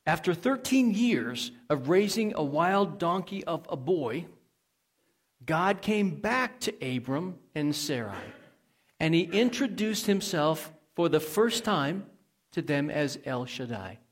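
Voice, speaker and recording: A male pastor delivers a sermon in a relaxed, conversational voice pitched a little high. He asks his listeners questions and throws in homespun asides, often restarting his phrases. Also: slow.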